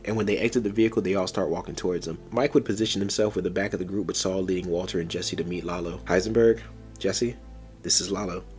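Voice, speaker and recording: A man casually narrating a fan story in a rapid retelling manner. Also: sits low, fairly even intonation, a little mellow, faint music behind.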